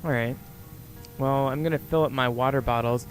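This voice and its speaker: A man's voice: mid-range voice, fairly even intonation, moderate pace. Chatty man talking over a video game. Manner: chatty, rambling, with frequent fillers. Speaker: let's player. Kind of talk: casual gameplay commentary. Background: game music.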